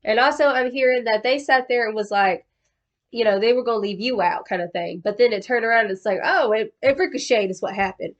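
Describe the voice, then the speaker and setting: Slangy, higher-voiced woman tarot reader. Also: a little fast, dull audio. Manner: slangy, profane, chatty, calls the listener boo-boo. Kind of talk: casual tarot card reading.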